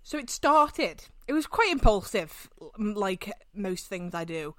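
A young woman, hosting a podcast and telling stories in casual, animated, sweary chat. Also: medium pitch, unhurried, no room sound. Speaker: podcast host.

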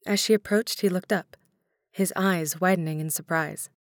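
Low-voiced woman narrating a story. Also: steady tone, normal speed, no room sound, clean studio sound.

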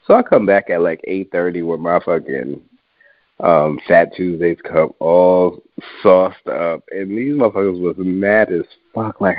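A man with a low voice chats casually and tells lively stories, slipping into quick impressions of other people. The sound is dry and thin, like a phone line. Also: dry recording. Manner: animated storyteller, acts out quoted people, swears freely. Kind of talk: casual chat.

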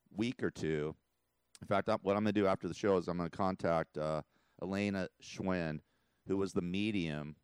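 Man, radio talk host, very deep voice, resonant, rambling, emotional, dry studio sound. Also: clean tone, no room sound. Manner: rambling, emotional, laughs often. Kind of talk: casual talk radio monologue. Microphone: studio mic.

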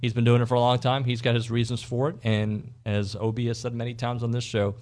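A man's voice: medium pitch, little pitch movement, brisk, darkish tone. A man hosting a sports talk radio show, giving strong opinions in a rambling way, with fillers and restarts.

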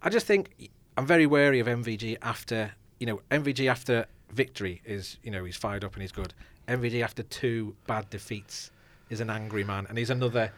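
A man's voice: mid-range voice, a little fast, few pauses. A man co-hosting a casual podcast, cheeky, blunt and joking. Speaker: podcast co-host.

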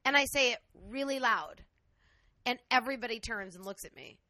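A woman with a high, bright voice tells a crude story in an outraged, animated rush. She sounds close and dry on the mic, with no room around her. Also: moderate pace, no echo. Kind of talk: casual storytelling chat.

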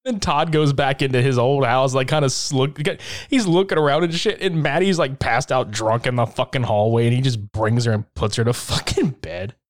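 A man in casual chat, recapping a horror film with lots of swearing and laughter, acting out lines in quick impressions. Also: mid-range voice. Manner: profane, laughing, acts out scenes in quick impressions. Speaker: podcast co-host recapping a film.

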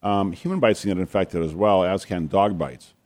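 Low-voiced doctor chatting casually. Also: male voice, normal speed. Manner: relaxed, conversational, prone to pranks and jokes. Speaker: physician podcast co-host. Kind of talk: casual chat and storytelling.

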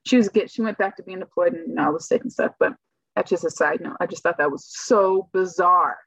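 Low-voiced young woman telling her story. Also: fairly quick, creaky, fairly bright tone, husky, no echo. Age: young adult. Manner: chatty, acts out her own reactions with lots of "I'm like". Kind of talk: casual personal storytelling. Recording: dull lo-fi dry recording.

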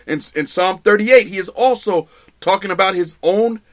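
A man's voice: sits high, normal speed, a bit bright. A man preaching a sermon, emphatic and repeating his phrases for stress.

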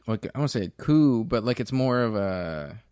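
A man's voice: mid-range voice, lively intonation, moderate pace, a little mellow, clear, resonant tone, no room sound, studio quality. A man interviewing a bird character in an improvised comedy bit, asking earnest questions with hesitant restarts.

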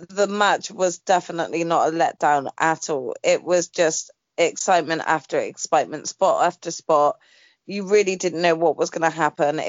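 A woman's voice: sits low, dry recording, muffled recording. Chatty woman co-hosting a podcast. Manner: chatty, hedging with "like" and "you know", swears when excited. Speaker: podcast co-host. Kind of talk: casual wrestling chat.

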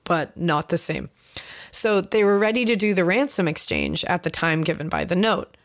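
A woman's voice: on the low side, sing-song, normal speed. A woman co-hosting a podcast, casually walking her co-host through the details of a crime case with lots of fillers. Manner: storytelling, filler-heavy, recounts case details. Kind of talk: casual true-crime chat.

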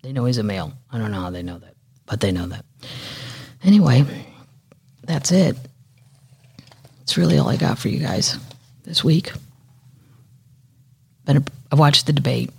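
A woman's voice: very deep voice, big pitch swings, moderate pace, vocal fry, long pauses, breathy edge. A woman hosting a solo podcast, chatting casually and rambling, swearing freely and dropping into whispers. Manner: chatty, profane, rambling, with sudden soft whispered asides. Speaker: podcast host.

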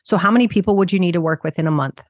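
Gushing woman business coach, lowish voice. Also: rapid-fire, no room sound, muffled recording. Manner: enthusiastic, gushing, acts out little dialogues. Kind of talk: podcast conversation.

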